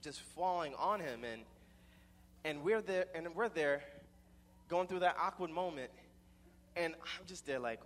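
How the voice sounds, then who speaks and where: A man's voice: on the high side, animated, unhurried, pauses often, fairly bright tone, big-room sound, slight background noise. A young man telling a personal story in a rambling way, with many repeated restarts.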